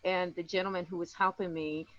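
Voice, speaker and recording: A woman joining an online workshop from her laptop, telling a story in a chatty, animated way. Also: on the low side, fairly quick. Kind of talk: casual storytelling chat. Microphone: laptop on a video call. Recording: dull, dry laptop audio.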